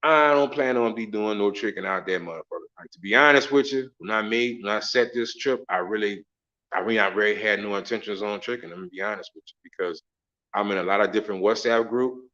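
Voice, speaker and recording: A man's voice: lowish voice, quick pace, pushed and bright, muffled recording. A middle-aged man from the States, telling stories in a profane, slangy, laughing way in a casual monologue. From Southern United States. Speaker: travel vlogger.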